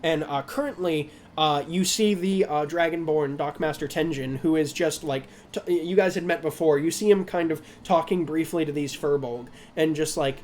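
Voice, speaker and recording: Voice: mid-range voice, moderate pace, few pauses, a little mellow, slight background noise. A game master narrating a tabletop game, rambling with frequent laughter and restarts.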